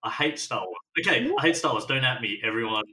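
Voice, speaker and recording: A man of middling pitch talks in a rambling, halting way, often restarting his sentences. He sits a little back from the microphone, so his voice sounds somewhat distant. The mood is loose podcast banter. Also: lively intonation, sharp tone. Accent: non-American. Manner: rambling, hesitant, many restarts. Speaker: podcast co-host. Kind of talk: casual chat.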